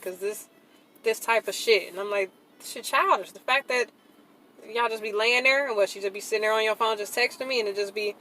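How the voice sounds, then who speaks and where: A woman speaking to camera in a blunt, profane, emphatic rant, swinging into loud outbursts. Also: on the high side, low-quality recording. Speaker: vlogger. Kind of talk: casual venting monologue.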